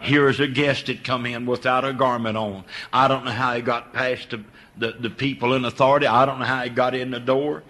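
An older man preaching a sermon. He swings from a low hush to high, impassioned cries, repeating words and stumbling over restarts. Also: steady tone, brisk.

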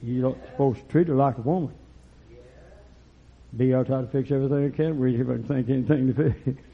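A man preaching a fiery, folksy sermon that swings from low murmurs to loud shouts. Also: a little fast, gravelly, slightly rough. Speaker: pastor. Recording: lo-fi recording.

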